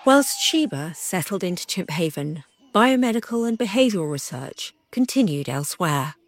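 A woman giving calm, measured scripted documentary narration. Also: fairly low pitch.

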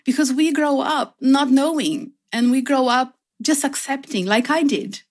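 A woman's voice: sits high, measured pace, hardly any pauses. A woman, a radio interview guest, telling stories. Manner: emotional, animated storytelling.

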